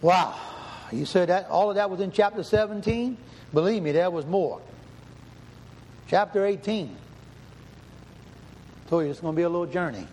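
A man's voice: high-pitched, expressive, moderate pace, long pauses, darkish tone, slight background noise. A man preaching a sermon and reading scripture aloud, emphatic and questioning, often repeating himself. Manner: emphatic, repeats and rephrases, asks the room questions. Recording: hall reverb, faint ambience.

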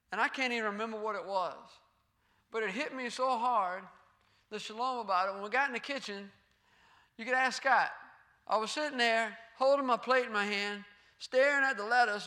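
A man's voice: very high-pitched, pushed and bright. A man preaching a sermon and reading scripture aloud. He asks his listeners rhetorical questions, repeats key phrases and uses Hebrew terms.

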